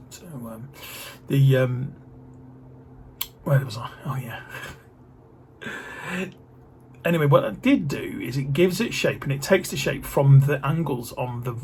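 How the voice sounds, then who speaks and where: A man's voice: mid-range voice, a little mellow, a little hiss or hum. Rambling, jokey man vlogging. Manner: rambling, jokey, many fillers. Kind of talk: casual vlog chat.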